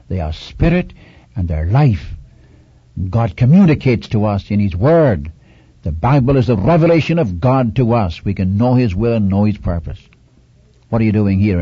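A male preacher with a low, mellow, husky voice delivers an earnest sermon. He retells scripture with rising drama and pleads with his listeners, repeating his key points. The sound is dry and dull, like an old lo-fi recording. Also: dry recording.

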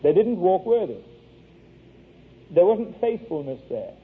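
Male preacher, earnest and wry, a bit high and husky, tinny radio broadcast sound. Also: big pitch swings, measured pace. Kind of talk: sermon with storytelling.

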